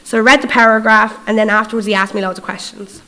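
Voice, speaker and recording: A woman's voice: mid-range voice, fast, rough recording. A woman with an Irish accent giving a storytelling sermon as a guest preacher, acting out dialogue and checking in with her listeners. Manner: lively, acts out dialogue in quoted voices; conversational, checks in with the audience.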